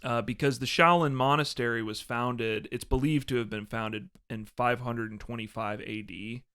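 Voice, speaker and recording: Smooth-voiced young man explaining casually. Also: medium pitch, normal speed. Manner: relaxed, laughs often, explains at length. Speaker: podcast co-host. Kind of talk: casual podcast chat.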